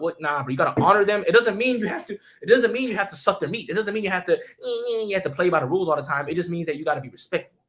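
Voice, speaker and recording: A man's voice: on the high side, a bit bright. A young man streaming, telling a story in casual slang, swearing a lot and often repeating and restarting his phrases. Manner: rapid, profane slang, lots of repeats and restarts.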